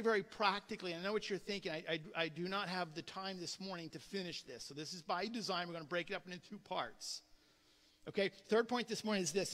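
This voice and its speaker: A man's voice: sits high, bright, forceful tone. A male pastor preaching a sermon, emphatic and putting rhetorical questions to his congregation. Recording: long reverb of a large hall.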